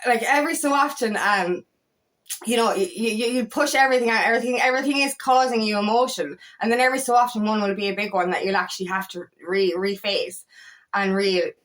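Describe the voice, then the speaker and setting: A woman's voice: mid-range voice, fairly even intonation, a little fast, fairly bright tone. A young woman coaching on spiritual growth in a casual, rambling way, tired and emotional, with many restarts and repeated words. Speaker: feminine empowerment coach. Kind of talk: casual spiritual talk to camera.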